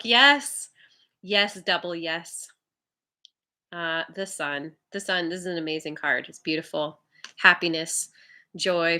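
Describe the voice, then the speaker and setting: A woman's voice: fairly low pitch, bright, forceful tone. A woman hosting a live tarot reading stream, chatting casually with viewers, laughing often and sounding encouraging. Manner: stumbles over viewer names.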